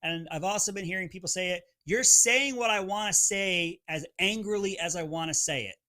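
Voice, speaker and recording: A man's voice: sits high, moderate pace, pushed and bright. A man hosting a live stream, talking in a fired-up, emphatic way and reading viewer comments aloud.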